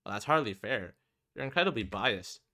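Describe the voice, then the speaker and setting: A man's voice: on the low side, expressive, a little fast, bright, forceful tone. A man voicing a defiant young male student who speaks curtly and sarcastically. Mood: earnest. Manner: curt, sarcastic, muted.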